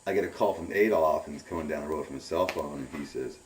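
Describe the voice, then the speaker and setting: A middle-aged man giving a rambling, animated personal account in an interview, often repeating his words. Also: very deep voice, fast talker, a little hiss or hum. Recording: roomy and distant from the mic.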